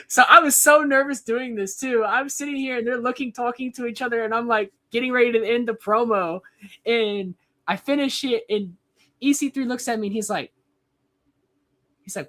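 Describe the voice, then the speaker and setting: A man's voice: very high voice, moderate pace, pushed and bright. A young man in his twenties, a wrestler guest telling a casual story, rambling with lots of "like". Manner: rambling, heavy use of "like".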